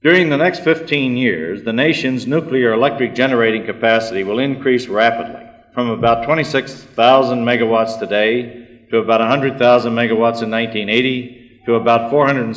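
A man giving a formal technical talk, measured and precise. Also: medium pitch, fairly bright tone. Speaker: speaker giving a technical address. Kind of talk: formal lecture. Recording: long hall reverb.

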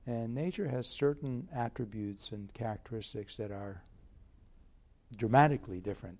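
In an interview, an older man describes his research center thoughtfully, frequently starting his sentences over. His mid-range voice is a little mellow and moves at a moderate pace.

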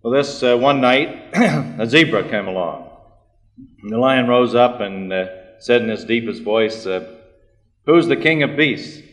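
A man giving a formal technical talk, measured and precise. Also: mid-range voice, fairly bright tone. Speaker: speaker giving a technical address. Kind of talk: formal lecture. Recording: long hall reverb.

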